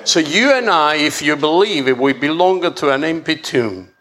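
A man preaching a sermon, halting and often repeating words as he restarts his phrases. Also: on the high side, expressive, a bit bright.

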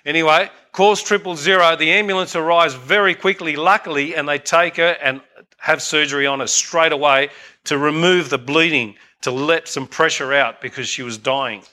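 A man's voice: fairly high pitch, steady tone, normal speed, sharp tone. A man, preaching and telling a story in an earnest, emphatic way, repeating points for emphasis. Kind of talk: sermon storytelling.

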